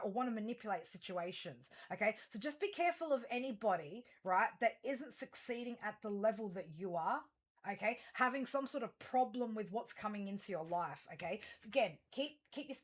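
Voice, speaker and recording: A woman's voice: a little high, fairly bright tone. Blunt, rambling woman reading tarot. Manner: rambling with many fillers and restarts; blunt, emphatic, heavy swearing. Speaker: tarot reader. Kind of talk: astrology tarot reading addressed to viewers.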